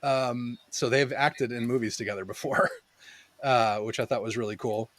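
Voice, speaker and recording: A man's voice: mid-range voice, steady tone, normal speed, a bit bright, no room sound. Young guy on a podcast, chatty movie review, laughs a lot, acts out the lines. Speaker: podcast co-host reviewing a film. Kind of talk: casual movie review chat.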